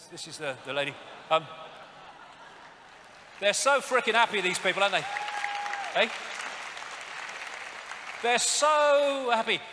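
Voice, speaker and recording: A man giving an animated, sarcastic live lecture with slides, swearing often. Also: a little high, long reverb tail, a little hiss or hum. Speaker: public speaker.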